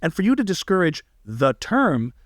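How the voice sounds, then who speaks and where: A comedian appearing as a guest on a podcast interview talks animatedly and emphatically, slipping into impressions now and then. His voice is a little high at normal speed, and the recording is dry and studio quality.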